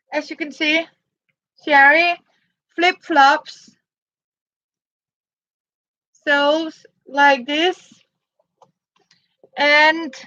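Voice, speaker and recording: Slow, halting high-voiced woman. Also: pushed and bright, dry recording, lo-fi sound. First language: Danish. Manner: halting, searching for words, many fillers. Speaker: crafter showing handmade boots. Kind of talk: casual show-and-tell.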